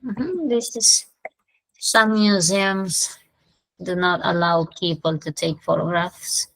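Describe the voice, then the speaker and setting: A woman with a Peruvian Spanish accent teaches English at an unhurried pace, switching between Spanish and English. She stretches out each example sentence slowly and clearly. The recording is dry and close, with no room echo. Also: on the low side, fairly bright tone. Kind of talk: online English lesson.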